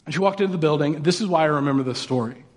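A man's voice: a little high, rapid-fire. A man preaching a sermon as pastor, talking casually and asking the congregation rhetorical questions. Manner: conversational, rhetorical questions, mocking put-on voices for quotes.

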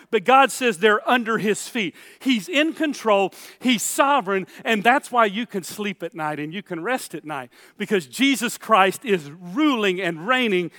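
A man preaching a sermon in church with a very high, bright, ringing voice. He is emphatic and drives his points home by repeating phrases. The sound is dry and close. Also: no room sound. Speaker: pastor.

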